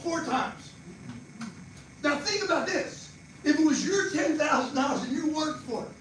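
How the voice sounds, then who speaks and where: Older jersey guy riffing fast at a seminar, echoey far mic, noisy room. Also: very high voice. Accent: New Jersey. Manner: fast, animated, quizzes audience members. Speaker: financial speaker. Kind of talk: live seminar talk to an audience.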